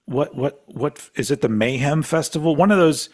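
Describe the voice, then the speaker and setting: A man with a husky, slightly raspy voice that sits a touch above the usual male range. He talks in loose, rambling podcast chat, drifting into tangents, cursing freely and breaking into laughter. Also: on the high side, normal speed. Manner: laughs often while talking. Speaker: podcast co-host.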